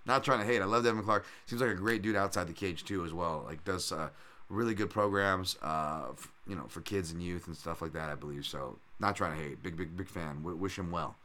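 A young man riffs through a casual solo podcast about fights, piling on fillers and restarts. His voice sits low but comes out bright and forceful. He rambles eagerly, hopping between asides. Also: a little fast. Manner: rambling, animated, lots of fillers and loud impressions. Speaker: podcast host, MMA analyst.

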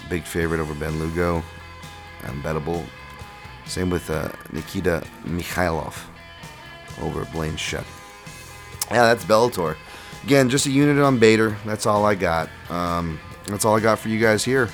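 A man with a very low voice hosts a solo podcast. He talks in a loose, rambling way and leans on "um" and "uh" as he thinks. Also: normal speed, faint music behind. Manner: relaxed, rambling, filler-heavy. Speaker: podcast host. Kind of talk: casual solo podcast talk.

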